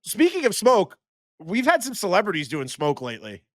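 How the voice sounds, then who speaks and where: Upbeat man telling animated stories. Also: high-pitched, normal speed, no echo, studio quality. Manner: animated storyteller who laughs mid-sentence. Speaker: podcast co-host. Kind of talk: casual chat.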